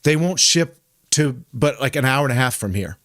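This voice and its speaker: A podcast host talks in casual chat with a mid-range, somewhat bright voice, lively intonation, and a moderate pace, rambling and often restarting or correcting himself. The sound is clean studio quality with no room sound.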